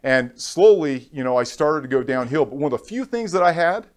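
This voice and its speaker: A man giving a keynote on a conference stage, telling a personal story in a heartfelt, halting way and acting out other people's lines. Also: a little high, lively intonation. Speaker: keynote speaker. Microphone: stage microphone.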